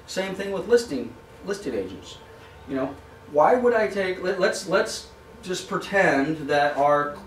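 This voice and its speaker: A man's voice: fairly high pitch, slight background noise. A man teaching a live real estate training class, acting out short dialogues with clients and sellers in shifting voices. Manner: animated, acts out little dialogues with shifting voices. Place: office training room. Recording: echoey room, mic at a distance.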